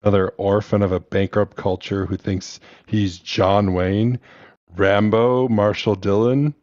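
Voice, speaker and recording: A man's voice: lowish voice, little pitch movement, a little slow, darkish tone, no room sound, muffled recording, close to an everyday voice. Man doing a wisecracking tough-guy cop. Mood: defiant. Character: wisecracking tough American cowboy-hero cop.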